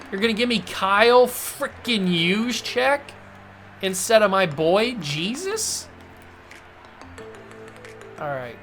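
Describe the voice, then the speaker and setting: A man giving excitable play-by-play commentary as he plays a football video game, now and then shouting on big plays. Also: high-pitched. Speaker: gaming YouTuber. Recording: music playing underneath.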